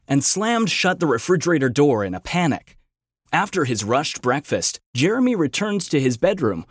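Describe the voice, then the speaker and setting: A man reading a short story aloud, expressive and building tension as he narrates. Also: on the high side, no room sound, clean studio sound.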